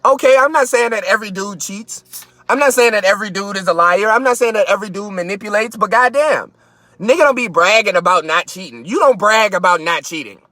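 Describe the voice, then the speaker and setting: A man with a very high, bright, sharp voice rants loudly and mockingly as a podcast host. He talks from his car into a phone, boastful, his pitch shooting up when he gets worked up. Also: animated, fairly quick, no room sound. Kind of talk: profane comedic rant.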